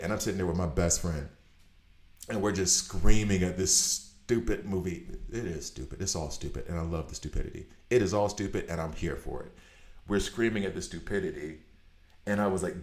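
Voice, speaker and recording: A man with a low, deep voice chats casually while playing a game and drifts into long, animated tangents. His voice rings in an echoey room. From United States. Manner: animated storyteller, rambling tangents. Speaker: gaming streamer. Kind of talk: casual chat while gaming.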